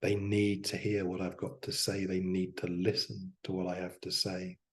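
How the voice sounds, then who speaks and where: A man demonstrating self-hypnosis aloud as a coach, talking himself through slow, soft affirmations. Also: low-pitched, completely flat delivery.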